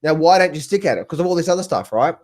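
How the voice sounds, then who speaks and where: A man with an Australian accent coaching traders on a live stream. He talks excitedly, repeats himself, laughs often and calls viewers by name. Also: a little high, racing. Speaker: trading coach. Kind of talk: live stream talk answering viewers in chat.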